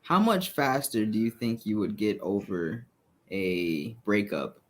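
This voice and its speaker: A man with a mid-pitched voice talks through his view on a podcast in a measured, earnest way. His pitch moves a lot. He keeps it casual. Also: sing-song. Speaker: podcast co-host. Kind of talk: casual chat.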